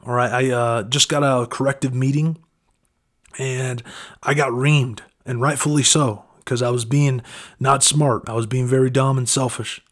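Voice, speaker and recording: A man's voice: medium pitch, steady tone, normal speed. A man delivering a casual devotional talk in a mid-range voice. He speaks conversationally and earnestly, with frequent fillers and small restarts. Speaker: preacher.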